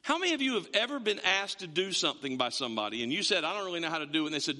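A man's voice: on the high side, sing-song, rapid-fire, sharp tone. A man preaching a sermon, telling stories with quoted voices and repeated words, as a pastor to a congregation. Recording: long hall reverb.

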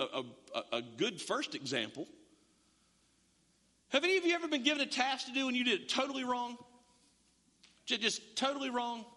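This pastor's voice sits very high, sounding pushed and bright as he preaches conversationally from a church sanctuary. He keeps stumbling into restarts and tossing in jokes, all wrapped in long church reverb.

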